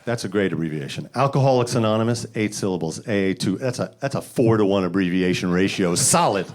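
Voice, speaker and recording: A man from the Bronx doing a stand-up set, deadpan setups that jump to loud high voices for punchlines. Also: fairly quick. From the Bronx, New York. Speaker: stand-up comedian. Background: audience laughter.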